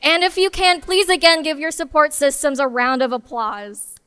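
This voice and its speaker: A woman's voice: high voice, normal speed, slight background noise. A woman in her twenties, class president, giving an earnest ceremony speech at a graduation-style event. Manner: earnest, warm and a little emotional. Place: hall with audience.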